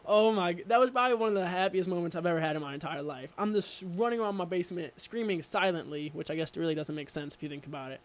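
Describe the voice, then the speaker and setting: A young man co-hosting a radio show, telling sports stories in an excitable, rambling way full of fillers. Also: high-pitched, fast talker, few pauses. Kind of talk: casual sports chat.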